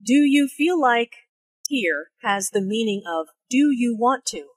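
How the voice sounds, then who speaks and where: A woman explaining English phrases and their intonation in a slow, careful teaching voice. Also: husky, no echo. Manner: slow, careful, with lively pitch for spoken examples. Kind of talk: slow, clearly articulated teaching narration and dialogue.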